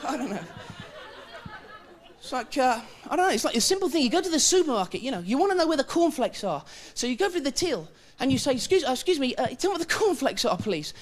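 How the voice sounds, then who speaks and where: A man's voice: very high-pitched, very animated, fast, a faint crowd. A young man doing a stand-up comedy set on a TV studio stage, talking in a frantic, stammering, panicky way. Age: young adult. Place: TV studio stage with live audience. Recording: loud audience laughter and studio noise.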